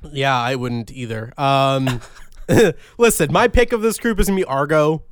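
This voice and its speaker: A man's voice: medium pitch, a little slow, smooth. A young man co-hosting a movie podcast, ranting and joking with lots of swearing. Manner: profane, rambling, mock-ranting. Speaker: podcast co-host. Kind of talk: casual comedic chat.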